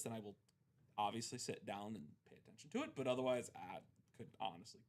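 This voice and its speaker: A man's voice: lowish voice, fast talker. A young man in his twenties co-hosting a live sports card break, chatting casually and telling stories with voiced quotes. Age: 20s. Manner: animated storytelling with voiced quotes. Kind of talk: casual chat.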